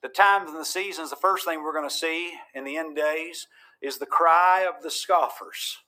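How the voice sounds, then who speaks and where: A man's voice: fairly high pitch, moderate pace, sharp tone. A man from Georgia preaching a sermon, folksy and joking one moment, fervent and thundering the next. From Georgia, USA. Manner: fervent, folksy, cracks jokes then thunders.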